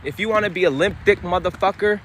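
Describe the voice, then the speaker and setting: A man's voice: sits high, fast talker, a bit bright. A man giving an intense, profane, confrontational motivational monologue outdoors by a street. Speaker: spiritual vlogger. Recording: street noise behind.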